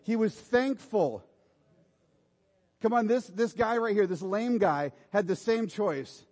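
A man's voice: high-pitched, slow pace, a little mellow, big-room sound. A man preaching a sermon in an informal, exhorting way, urging his listeners on. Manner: informal, exhorting, repeats "come on".

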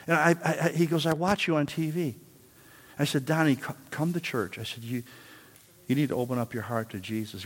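A man in his sixties preaching a sermon in a church, telling a story and then building to loud, emphatic exhortation. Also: on the high side, a little fast, big-room sound. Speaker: pastor.

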